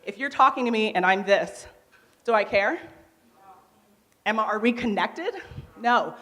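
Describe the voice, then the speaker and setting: A young woman giving a motivational talk on a conference stage, naturally loud, laughing often and asking the crowd questions. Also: medium pitch, a little slow. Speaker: conference speaker. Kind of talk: motivational workshop talk to a live audience.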